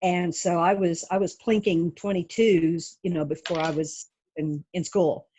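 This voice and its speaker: A woman's voice: fairly low pitch, steady tone, unhurried, mellow, slight background noise. A middle-aged woman, a true crime author, telling stories in a casual interview and laughing often.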